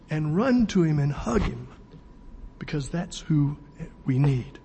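Husky-voiced pastor preaching in a church. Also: male voice, on the high side, sing-song, dark tone. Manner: emphatic, slows down to stress key words. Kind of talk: sermon. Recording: long church reverb.

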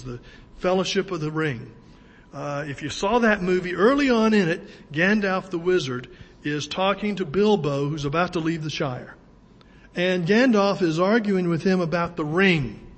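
A man pastor preaching a sermon in a church, emphatic and slowing down to stress his key words. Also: sits high. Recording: long church reverb.

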